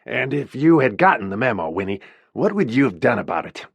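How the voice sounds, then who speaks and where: A man's voice: mid-range voice, big pitch swings, brisk, gravelly, slightly rough, no echo, exaggerated voice. A male narrator voicing a sleazy, defensive office boss who talks in a curt, insinuating way.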